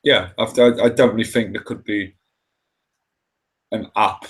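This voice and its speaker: Low-voiced hesitant man. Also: fairly even intonation, normal speed, husky. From North Yorkshire. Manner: hesitant, many fillers and restarts. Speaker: guest, hip hop group member. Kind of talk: casual chat.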